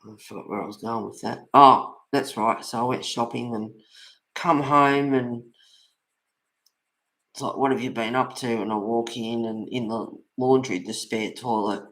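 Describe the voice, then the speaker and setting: A man's voice: mid-range voice, fairly bright tone. Brief: easygoing man, casual chat while colouring at home, rambles, laughs a lot. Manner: rambling storyteller, laughs often. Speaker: colouring channel host.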